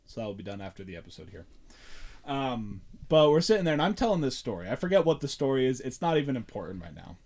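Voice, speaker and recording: Male podcast host, casual chat, rambling story, laughs a lot, lively pitch. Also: fast.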